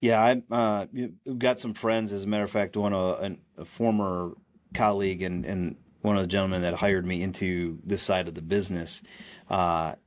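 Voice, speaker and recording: Rambling low-voiced male podcast host. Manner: rambling, many restarts and fillers. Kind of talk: casual chat.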